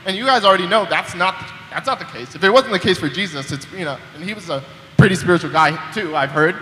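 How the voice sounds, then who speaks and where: A man's voice: sits high, expressive, fast talker, sharp tone, a little hiss or hum. A young man preaching a sermon in a conversational way, often repeating words as he starts a sentence, recorded in a church hall. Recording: echoey hall with long reverb.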